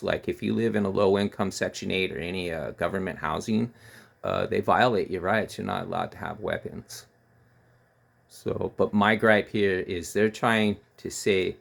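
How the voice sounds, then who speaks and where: A man's voice: low-pitched, creaky, fairly bright tone. A man giving heated, scornful political commentary, ranting and repeating himself.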